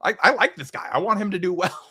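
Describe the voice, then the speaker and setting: A man's voice: high-pitched, quick pace, sharp tone, slightly rough. A man co-hosting a casual sports podcast, rambling and teasing, with lots of "like" and restarts. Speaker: podcast co-host.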